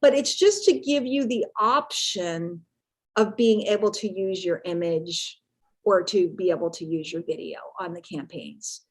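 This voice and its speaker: A woman's voice: on the low side, a little slow. A middle-aged woman speaking casually and playfully on a live webinar, repeating herself for emphasis. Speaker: guest speaker on marketing webinar.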